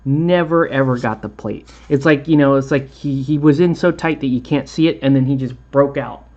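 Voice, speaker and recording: A man's voice: mid-range voice, fairly even intonation, a little fast, darkish tone, dull audio. A man hosting a miniature painting tutorial, chatting in a rambling way and laughing often. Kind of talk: casual chat while painting a tutorial.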